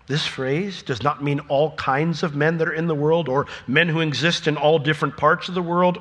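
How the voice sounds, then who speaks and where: A man pastor delivering a sermon, swinging between loud emphatic questions and hushed, slow, near-whispered phrases. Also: on the high side. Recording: long reverb of a large hall.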